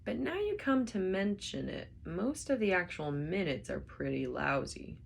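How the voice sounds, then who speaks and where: A woman voicing a slow-witted hulking alien male guard who speaks slowly and booms in a storybook reading. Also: sing-song, creaky, slight background noise, full character voice. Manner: slow, dim, booming.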